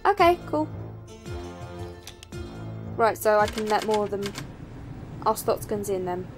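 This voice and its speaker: A woman's voice: medium pitch, big pitch swings, a little slow, music in the background. A young woman in her early twenties, chatting casually as she plays a video game, muttering to herself with lots of ums. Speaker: let's play gamer. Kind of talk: casual gameplay commentary.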